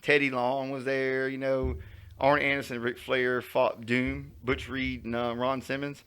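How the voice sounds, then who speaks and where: A man's voice: mid-range voice, level tone, measured pace, fairly bright tone, clean tone. A man telling a story on a casual podcast, acting out quotes and laughing often. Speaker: podcast co-host.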